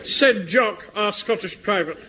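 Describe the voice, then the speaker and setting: An actor playing a pompous middle-aged Home Guard captain in a radio comedy, speaking with indignant self-importance. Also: male voice, high voice, a little slow. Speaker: captain narrating a radio skit. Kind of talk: 1960s-70s radio comedy acting. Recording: hissy archive radio recording.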